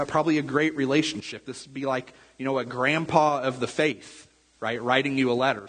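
Male pastor, chatty sermon delivery, husky voice, long church-hall reverb. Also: medium pitch, a bit bright. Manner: conversational, repeats words, asks the room "right?". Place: church sanctuary.

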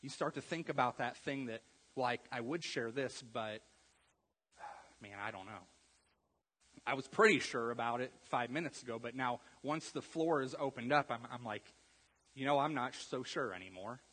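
A man preaching a conversational sermon, repeating words and swinging from quiet asides to loud emphasis. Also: mid-range voice, normal speed, husky. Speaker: pastor. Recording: long reverb of a church hall.

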